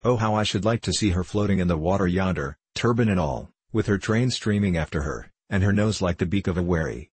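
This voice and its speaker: A man's voice: sits low, lively intonation, a little fast, few pauses, a little mellow, slightly rough, no echo. A man voicing a defiant, bitter young woman in a storybook reading, spiteful and mocking. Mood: furious.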